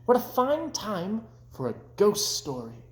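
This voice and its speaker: A man voicing a cheerful high-pitched frog. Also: huge pitch swings, a little slow, full character voice. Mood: playful. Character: cheerful optimistic storytelling frog, male. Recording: roomy echoing room.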